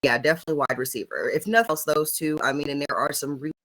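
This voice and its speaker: A woman's voice: deep voice, racing, fairly bright tone, low-quality recording. A woman co-hosting a sports podcast, talking candidly and emphatically with lots of "like" and "right?", cursing now and then. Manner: candid and emphatic, frequent "like" and "right?", swears casually. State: has the hiccups. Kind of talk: casual sports chat.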